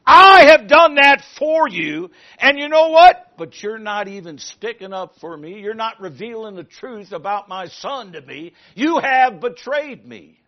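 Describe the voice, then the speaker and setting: A man's voice: sits high, expressive, normal speed. A man voicing an enraged, sleepless, vengeful king, ranting and accusing his servants. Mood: bitter, accusing. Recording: muffled lo-fi recording.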